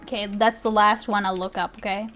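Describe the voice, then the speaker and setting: A woman's voice: medium pitch, flat delivery, a little fast, fairly bright tone, soft background music. A young woman streamer chatting casually with her viewers. She rambles, laughs often and swears easily. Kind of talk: casual live-stream chat.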